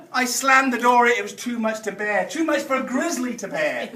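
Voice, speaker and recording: Funny english guy giving a speech, high voice, far off mic in a noisy roomy hall. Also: normal speed. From England. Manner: animated storyteller, shouting punchlines amid laughter. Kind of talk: humorous after-dinner speech. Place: function hall with audience.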